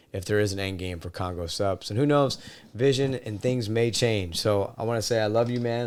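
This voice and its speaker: A man hosting a podcast from his home man cave, casual talk that builds into loud wrestling-style promo shouting. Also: fairly low pitch, smooth. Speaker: podcast host.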